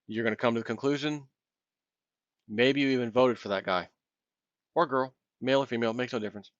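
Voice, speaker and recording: A man's voice: mid-range voice, a little fast, no room sound. A man delivers a heated, impassioned solo rant, now and then slipping into the voices of imagined callers. His sound is dry and close, with no room around it, and a little dull and muffled. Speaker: commentary video host. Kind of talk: ranting solo commentary.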